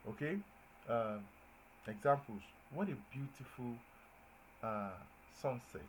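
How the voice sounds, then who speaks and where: A man giving a grammar lesson at a medium pitch, stressing his examples with lively emphasis and checking that his listeners follow. A faint hiss of noise sits behind his voice. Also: takes it slowly, low-quality recording. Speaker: teacher. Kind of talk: classroom-style grammar lesson.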